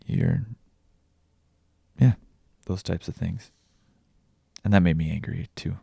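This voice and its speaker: A young man speaks in a deep, gravelly voice, halting and raw as he confides in a personal vlog. His tone is dark and mellow, close and dry with no room sound, and he swears freely between restarts. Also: fairly even intonation, dry recording. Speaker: vlogger and podcaster.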